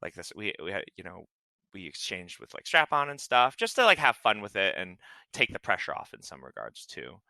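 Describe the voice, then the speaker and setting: A man's voice: deep voice, wildly swooping pitch, brisk, creaky, sharp tone, dry recording. A man chatting casually on a podcast, rambling with many fillers and frequent laughs. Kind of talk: casual chat.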